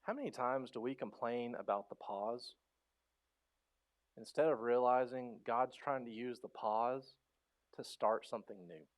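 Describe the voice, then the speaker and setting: A man in his thirties preaching a sermon in a church, passionate and conversational, rising to loud pleas and dropping to soft, quiet lines. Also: medium pitch, unhurried. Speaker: pastor. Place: church sanctuary.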